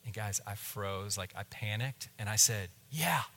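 Bright-voiced pastor in an echoing hall. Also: male voice, on the low side, moderate pace. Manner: animated storyteller, drops to a hush in tense moments. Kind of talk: sermon storytelling.

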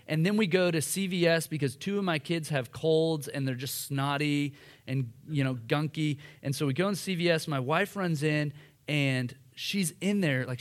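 A man in his thirties preaching in church, telling a self-deprecating story in a casual, animated way. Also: fairly high pitch. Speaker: pastor. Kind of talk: sermon with personal story. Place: church hall.

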